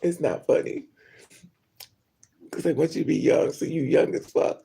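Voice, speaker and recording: Gravelly, husky woman gossiping profanely. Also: sits low, moderate pace. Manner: animated, laughs often between remarks. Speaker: vlogger. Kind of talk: casual vlog monologue.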